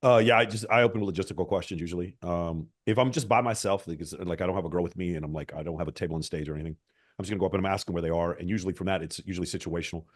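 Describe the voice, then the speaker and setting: A man's voice: sits low, rapid-fire. A man, a dating coach on a panel, talking casually with many fillers and restarts. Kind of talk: panel discussion.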